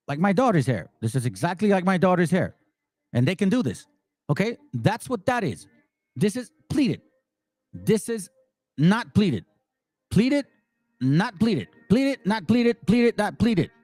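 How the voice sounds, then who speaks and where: A man's voice: high voice, darkish tone, dry recording. A man giving heated commentary and reading passages aloud, angry and emphatic, repeating words for stress. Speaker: commentary host.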